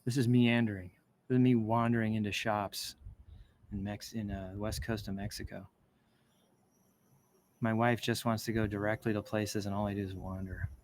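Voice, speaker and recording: A man with a lowish, steady, slightly mellow voice hosts a casual show at a moderate pace, leaving long pauses. Reading posts aloud, he wanders into enthusiastic personal asides and interrupts himself in rambling commentary. The recording is rough.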